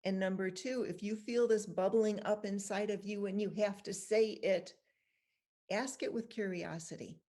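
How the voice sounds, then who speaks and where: Middle-aged woman coaching calmly, walks you thru it step by step, mid pitch. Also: normal speed. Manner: patient, explains step by step. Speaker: guest giving advice on handling judgment. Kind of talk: calm guided instruction and anecdotes.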